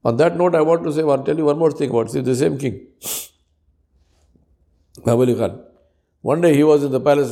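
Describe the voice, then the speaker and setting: A man's voice: medium pitch, vocal fry, mellow. A man preaching a sermon in an earnest, fervent way, with Arabic prayer phrases woven in.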